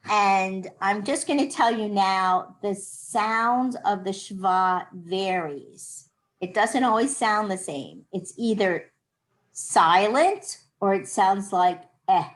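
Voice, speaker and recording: Slow, patient American woman teacher. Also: medium pitch, poor audio. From United States. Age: middle-aged. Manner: patient, unhurried explaining with demonstrations of sounds. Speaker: Hebrew teacher. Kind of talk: online class lesson.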